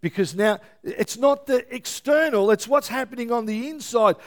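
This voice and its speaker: High-voiced male preacher. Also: moderate pace, few pauses. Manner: lively, keeps checking in with the congregation. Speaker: pastor. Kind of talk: sermon.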